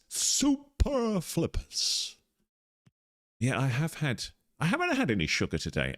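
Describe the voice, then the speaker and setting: A man's voice: deep voice, dry recording, clean studio sound. A man live-streaming a game, chatty and playful, talking through what he is doing. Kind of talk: casual live-stream chat while gaming.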